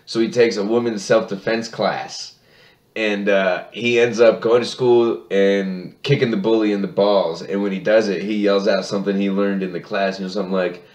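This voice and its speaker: A man's voice: lowish voice, fairly even intonation, normal speed, darkish tone. A man co-hosting a casual chat, telling a story with lots of laughter and acting out the characters' lines. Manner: laughing storyteller, acts out voices. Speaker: podcast co-host. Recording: echoey room.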